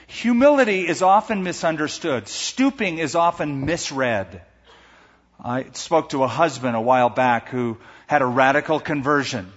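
A pastor preaching a sermon, animated, acting out the voices he quotes. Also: a little high, moderate pace, big-room sound, muffled recording.

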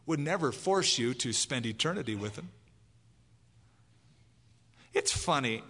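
A man preaching an evangelistic sermon, lively and dramatic, acting out quoted voices. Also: mid-range voice. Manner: animated, acts out voices in quotes. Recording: long hall reverb.

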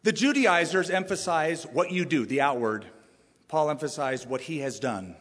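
A male pastor delivering a sermon in a slightly higher-than-usual voice. He preaches emphatically, throwing rhetorical questions at his listeners. A long reverb from the hall trails behind his words. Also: expressive, normal speed, fairly bright tone.

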